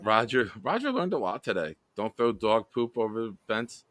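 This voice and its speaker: A man's voice: on the low side, big pitch swings, moderate pace, fairly bright tone, no room sound. A man hosting a casual live stream, reading viewer comments aloud and laughing often. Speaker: live show host.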